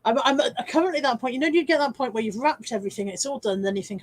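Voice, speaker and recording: English woman hosting a live stream, chatty and self-mocking, bit higher pitch, casual home setup. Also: rapid-fire, hardly any pauses. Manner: chatty, self-mocking, reads viewer comments aloud.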